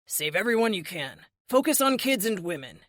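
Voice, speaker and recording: A woman's voice: medium pitch, big pitch swings, moderate pace, fairly bright tone, dry recording. A woman voicing a determined young male team leader, earnest with dry sarcasm.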